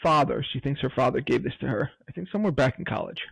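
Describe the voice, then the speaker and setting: A man's voice: medium pitch, expressive, quick pace, gravelly, a bit bright, husky, no room sound, low-quality recording. A man co-hosting a podcast in casual chat, telling stories with frequent laughter. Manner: storytelling, laughs often. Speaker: podcast co-host.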